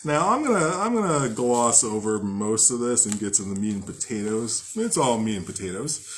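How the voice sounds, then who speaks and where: A man's voice: medium pitch, animated, moderate pace, vocal fry. A man hosting a casual spiritual talk, rambling, joking and swearing freely as he reads from a book. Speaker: host.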